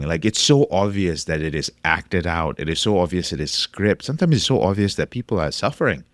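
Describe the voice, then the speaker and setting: Delivering a solo podcast monologue, a man coaches listeners in recovery, hammering key phrases and cursing casually. He speaks in a low, expressive voice at a moderate pace, recorded dry.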